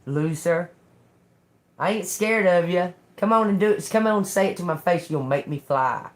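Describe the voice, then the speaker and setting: An older woman giving a live-stream tarot reading in a slow, profane, confrontational manner. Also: fairly low pitch, slight background noise. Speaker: tarot reader.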